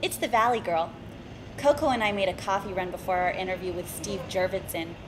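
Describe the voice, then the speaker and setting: A woman's voice: mid-range voice, brisk, echoey room, a little hiss or hum. A young woman hosting an interview show in a bubbly, playful valley-girl way. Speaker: show host.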